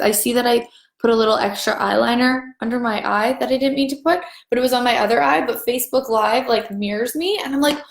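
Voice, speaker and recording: A woman facilitator hosting a casual livestream, chatting brightly and slowing down to recite repeated clearing phrases. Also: a little high. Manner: bubbly and chatty, slows down for repeated clearing lines. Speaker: Access Consciousness facilitator. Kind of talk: livestream chat with chanted clearing statements. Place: home livestream set-up. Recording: roomy echo.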